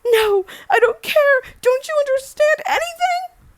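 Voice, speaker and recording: A woman's voice: very high-pitched, fairly even intonation, measured pace, sharp tone, dry recording, heavily acted. A woman voicing a grieving middle-aged mother with a quavery voice close to tears. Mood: upset.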